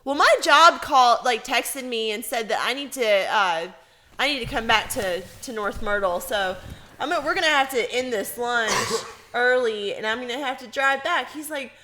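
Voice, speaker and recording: A woman co-hosting a casual podcast, her voice fairly high and bright. She tells stories in a lively, crude, profane way. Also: moderate pace, slight background noise. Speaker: podcast co-host. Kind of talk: casual chat.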